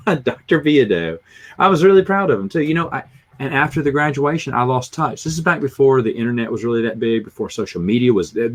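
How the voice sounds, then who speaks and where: Husky Southern man rambling casually. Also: mid-range voice. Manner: rambling, self-deprecating storyteller. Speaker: livestream host. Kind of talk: casual rambling chat, reading comments.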